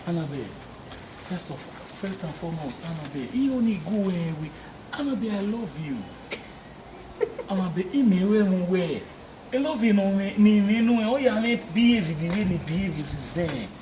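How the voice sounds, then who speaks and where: A man's voice: high-pitched, lively intonation, moderate pace, echoey room, far from the mic, noisy background. A man playing a lovestruck pleading neighbor. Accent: Nigerian Pidgin. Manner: rambling, pleading. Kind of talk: comedy film acting. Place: outdoor residential compound.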